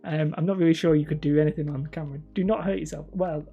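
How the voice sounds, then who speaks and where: Mumbly man, mellow and a bit husky. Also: a little high, steady tone, fast talker, dull audio, faint music behind. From northern England. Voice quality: mumbly, slightly whiny. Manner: rambling, self-mocking. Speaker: hobby channel host. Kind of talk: casual live-stream chat.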